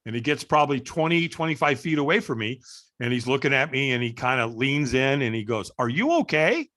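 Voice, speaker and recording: A middle-aged man telling a story as a guest on a podcast, animated and acting out the voices of people in the story. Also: medium pitch, a little fast. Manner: animated storyteller, acts out quoted dialogue. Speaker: guest, firewalk instructor.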